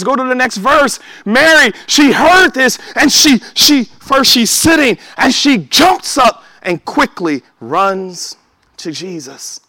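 High, bright-voiced preacher man. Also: measured pace, dry recording. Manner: animated, swings between loud exhortation and hushed asides. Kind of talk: sermon.

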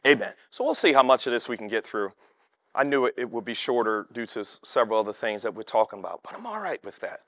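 A man preaching a sermon in a conversational way, often checking in with the congregation and slowing down to stress words of scripture. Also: mid-range voice, fairly bright tone, no room sound, studio quality. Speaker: pastor.

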